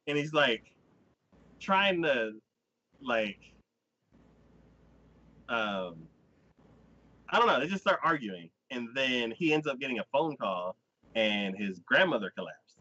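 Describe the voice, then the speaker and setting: A man hosting a casual podcast chat, recapping a story with lively energy and acting out the characters' lines. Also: medium pitch, a little slow, pauses often, no echo. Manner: animated storyteller who acts out characters' lines in quoted voices. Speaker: podcast host. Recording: dull, dry lo-fi recording.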